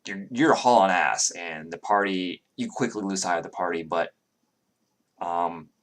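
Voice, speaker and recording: A man with a low, deep voice runs a tabletop game as dungeon master. He narrates the scene in a halting way, stopping often with ums and starting his sentences over. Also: fairly bright tone. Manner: halting, full of ums and restarts.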